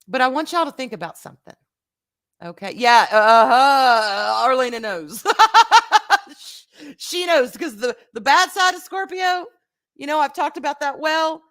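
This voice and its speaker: A woman's voice: high-pitched, a bit bright. A woman hosting a live vlog, talking earnestly and casually to her viewers, often repeating words as she restarts, and greeting them by name. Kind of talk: heartfelt casual talk to viewers.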